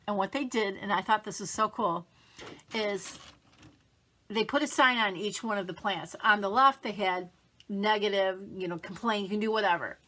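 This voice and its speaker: A woman's voice: medium pitch, bright, forceful tone. A middle-aged woman giving a casual, upbeat motivational talk to camera, chatty and acting out the things people say to themselves. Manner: chatty, upbeat, acts out quoted self-talk. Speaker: motivational vlogger.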